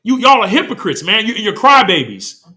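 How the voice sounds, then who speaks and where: In a congregation hall, a man preaches a heated sermon packed with rhetorical questions, reading scripture between his points. His voice sits high and sing-song, fairly quick, pushed and bright. He is impassioned and sometimes slips into quoted voices.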